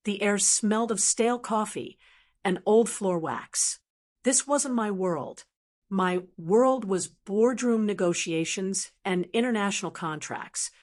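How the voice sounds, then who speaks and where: A woman narrating a dramatic first-person story in a measured, scripted way. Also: mid-range voice, darkish tone.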